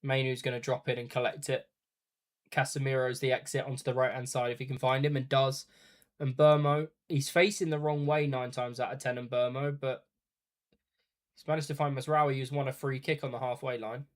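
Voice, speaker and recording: In a relaxed, chatty way, a man with a mid-range voice calls a football match live at a slightly quick pace, narrating every pass and foul. Like a watch-party streamer, he blends the play-by-play with offhand remarks to his chat.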